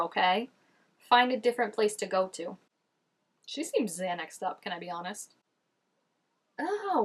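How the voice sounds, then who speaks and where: A woman chats her way through a reaction video, commenting casually on scenes as they play. Her talk is loose and full of "like", and her voice sits at a medium pitch. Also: fairly bright tone. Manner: chatty, frequent "like", reacting to scenes.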